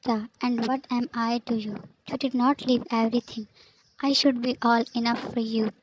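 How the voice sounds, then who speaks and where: A woman reading the lines of a possessive, menacing young boyfriend in a fanfic story, in a flat, even way. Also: on the high side, normal speed, slight background noise, lightly acted, low-quality recording.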